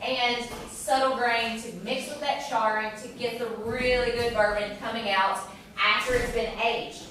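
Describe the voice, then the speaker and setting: A tour guide leads a tasting group and asks questions as she explains. Her voice sits a little high, and she talks with a cheerful, teaching manner. She was recorded from a distance in a very echoey room with a group murmuring around her. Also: steady tone, normal speed, a crowd in the background. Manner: upbeat and instructive, quizzes the group.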